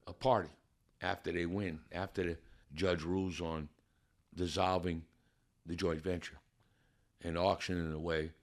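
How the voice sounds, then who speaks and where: A man's voice: low-pitched, creaky. A man telling a personal story with drama, building suspense and acting out the people in it. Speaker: guest telling his testimony.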